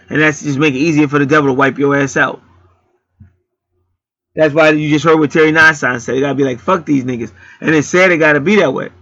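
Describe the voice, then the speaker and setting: A man's voice: fairly high pitch, a bit bright, dry recording, dull audio. A man hosting his own channel, telling stories in a blunt, profane, heated rambling monologue. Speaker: channel host.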